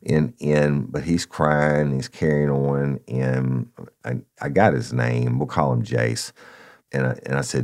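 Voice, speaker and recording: A man's voice: extremely low pitch, level tone, slow pace, darkish tone. A man, a former police officer telling a story casually, calling listeners "y'all" and swearing freely.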